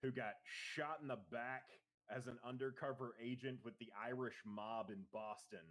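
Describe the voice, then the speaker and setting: A man in casual chat, telling an anecdote in a relaxed way. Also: medium pitch, moderate pace.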